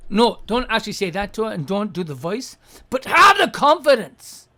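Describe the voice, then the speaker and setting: A woman hosting an advice show, giving blunt, profane advice and acting out quick mock scenes along the way. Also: medium pitch, very animated, sharp tone. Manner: acts out little scenes in quick mock voices. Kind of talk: casual advice rant.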